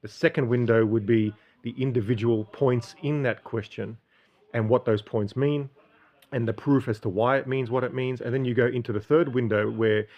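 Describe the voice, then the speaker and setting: A man's voice: mid-range voice, fairly even intonation, moderate pace, a little mellow, lo-fi sound. An Australian man from Sydney explaining a study method in a casual, rambling monologue with many ums and restarts. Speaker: streamer.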